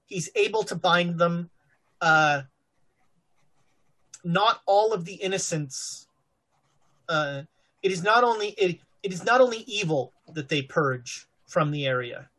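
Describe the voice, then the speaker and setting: Husky woman game master, hesitant and filler-heavy, lively pitch. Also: measured pace, long pauses. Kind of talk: narrating a tabletop game.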